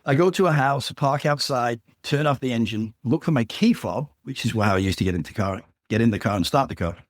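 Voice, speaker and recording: A man's voice: mid-range voice, brisk, dry recording, clean studio sound. A man telling a long personal anecdote as a podcast guest, acting out the people he quotes and checking in with "right?". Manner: animated anecdote teller, acts out quotes, tags lines with "right?". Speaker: guest author. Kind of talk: storytelling in a podcast interview.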